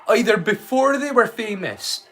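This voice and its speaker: A man with a high, expressive voice and a fairly bright tone speaks a little slowly. His Scottish accent is mixed, borrowing from many places, and he hosts a casual live-stream watch-along, rambling along and answering his viewers' chat directly.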